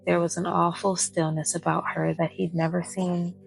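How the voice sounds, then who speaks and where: A woman narrating a bedtime story in a soft, calm voice. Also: on the low side, moderate pace, vocal fry, soft background music, low-quality recording. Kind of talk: soft-spoken bedtime reading.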